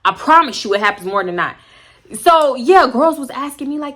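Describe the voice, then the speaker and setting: A woman storytime vlogger with a bright, sharp voice pitched a bit high. She talks bluntly and with energy, swearing freely as she tells her story. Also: moderate pace. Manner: blunt, animated, profane. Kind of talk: casual storytime.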